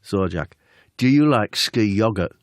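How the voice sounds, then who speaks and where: A man's voice: fairly low pitch, expressive, unhurried, no echo, clean studio sound. A man voicing a stern, prim middle-aged football manager who talks through clenched teeth.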